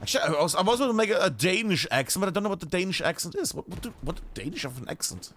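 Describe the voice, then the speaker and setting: A German man from northern Bavaria casts a live shooter match in a high voice, chatty and animated, swearing casually now and then. Gunshots sound faintly behind him. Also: very fast, a little hiss or hum. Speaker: esports caster. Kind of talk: live game commentary.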